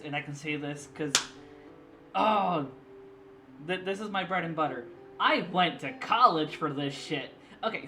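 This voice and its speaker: A young man, a streamer and artist, chats casually on a live stream, eager to explain and laughing often. His voice is high and sharp, and background music is clearly audible.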